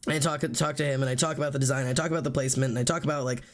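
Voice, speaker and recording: A man on a live stream races through a long, casual, profane story, speaking in a mid-range voice. He's animated and acts out the people involved, quoting them in lively put-on voices.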